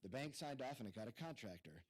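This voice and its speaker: A man's voice: mid-range voice, animated, quick pace. A man giving a plainspoken, wry public comment at a city council meeting.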